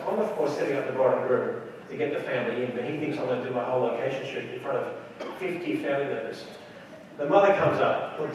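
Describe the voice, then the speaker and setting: A man speaking on stage in a large convention hall, telling a story with lively acted-out quotes. His voice sits a little high and is heard from a distance, with a long, roomy echo and faint noise behind it. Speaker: wedding photographer giving a lecture. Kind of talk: anecdotal stage talk. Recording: echoey hall recorded from far off. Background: audience laughter.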